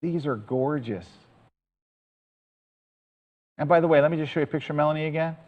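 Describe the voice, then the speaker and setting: A man's voice: on the high side, racing, long reverb tail, narrow, tinny audio. A man giving a chatty, enthusiastic storytelling talk to an audience as presenter.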